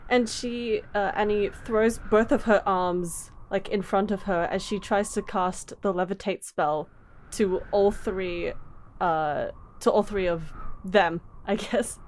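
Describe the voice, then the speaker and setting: A woman playing a tabletop game, describing her character's actions and prone to excited exclamations. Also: mid-range voice, slow, a little hiss or hum. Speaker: player. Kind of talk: casual tabletop play.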